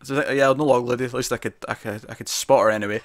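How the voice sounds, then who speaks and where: A man's voice: mid-range voice, fairly even intonation, rapid-fire, no echo. A Scottish man co-hosting a TV review show, chatting casually and rambling, laughing often.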